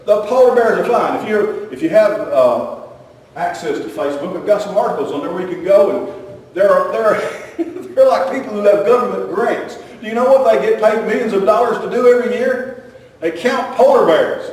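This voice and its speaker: A man with a fairly high voice preaches a folksy, rambling sermon, circling back over his own phrases and chuckling often. He sounds far from the microphone, and his voice rings through a big echoing church hall with a long reverb tail. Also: normal speed, darkish tone. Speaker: pastor. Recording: echoey hall, mic far off.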